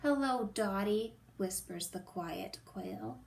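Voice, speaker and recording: A woman voicing a shy, quiet young male quail in a storybook reading, speaking softly. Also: medium pitch, big pitch swings, slow, gravelly, heavily acted. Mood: whispering. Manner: soft-spoken, whispery.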